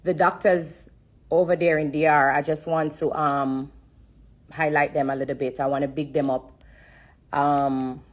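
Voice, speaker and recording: A woman's voice: low-pitched, flat delivery, unhurried. A woman with a Jamaican accent giving an emotional testimony on a phone live stream, earnest and repeating herself for emphasis while fighting back tears.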